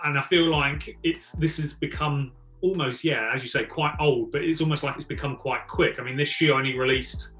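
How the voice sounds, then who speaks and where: A man from England chatting as a guest about golf shoes, relaxed and enthusiastic. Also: fairly high pitch, moderate pace, faint music behind. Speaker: guest golf fashion reviewer. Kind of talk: casual chat. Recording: echoey room.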